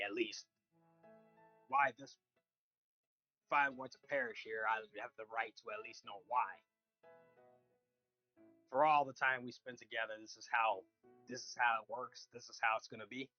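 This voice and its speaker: A man voicing his warrior character, pleading earnestly and demanding answers in a slow, steady way. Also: mid-range voice, muffled recording, faint music behind, natural voice. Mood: hurt, pleading.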